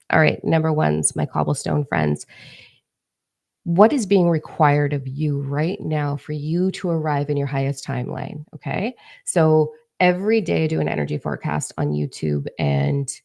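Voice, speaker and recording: Brash low-voiced woman with gravelly fry. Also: darkish tone. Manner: brash, profane, emphatic. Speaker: spiritual coach and psychic. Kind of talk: livestream talk to viewers. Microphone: phone.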